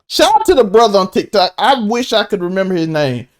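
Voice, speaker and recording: A man co-hosting a casual podcast chat, excitable, laughing often and swinging from high to low. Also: fairly quick. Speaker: podcast co-host.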